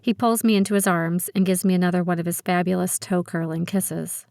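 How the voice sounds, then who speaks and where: A woman reading a teen spy thriller audiobook aloud in the first person, with brisk, expressive storytelling. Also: lowish voice, vocal fry, no echo, clean studio sound. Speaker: audiobook narrator. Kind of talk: first-person scripted narration.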